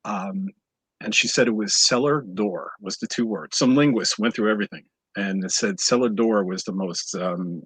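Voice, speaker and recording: A man's voice: lowish voice, normal speed, a bit bright, slightly rough, dry recording. A man co-hosting a fan podcast, chatting casually and rambling as he searches for words with lots of ums. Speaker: podcast co-host. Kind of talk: casual chat.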